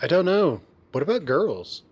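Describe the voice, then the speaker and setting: A man's voice: a little high, big pitch swings, moderate pace, slightly rough, voice pushed up, heavily acted. A man voicing an upbeat young male furry friend who narrates in first person, encouraging and teasing, reading a visual novel aloud.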